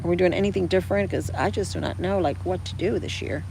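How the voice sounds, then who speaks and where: A woman's voice: fairly low pitch, fast, vocal fry, darkish tone, slight background noise, rough recording. A woman chatting casually with her livestream viewers, rambling and calling them girl and guys. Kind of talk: casual live chat.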